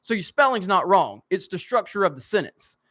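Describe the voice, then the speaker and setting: A young man with a Southern US drawl runs a casual live stream, reading viewer comments aloud. His high voice is bright and forceful with big pitch swings. Joking and self-mocking, he rushes through the text, stumbles, restarts, and laughs at his own slips.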